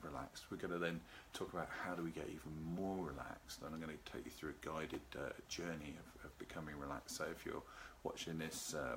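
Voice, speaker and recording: This male host runs a live video talk about relaxation from his home, where a garden shows behind him. His voice is low and calm, his pace leisurely and unhurried, and he welcomes live viewers by name over a noisy background.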